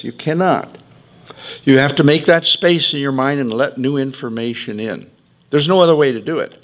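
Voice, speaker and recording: A man giving a spiritual talk to an audience, playful and animated, acting out quotes with sudden jumps in his voice and chuckling at his own jokes. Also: mid-range voice, creaky. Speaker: spiritual teacher.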